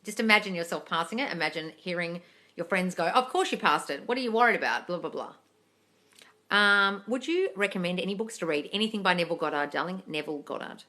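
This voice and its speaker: A woman's voice: fairly low pitch, lively intonation, fast. A woman hosting a casual live-stream Q&A, reading out viewers' questions and answering them bluntly, with lots of swearing and "darling". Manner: blunt and sweary, calls listeners darling, scolds then softens. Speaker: manifesting coach answering live chat questions. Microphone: phone on a live stream.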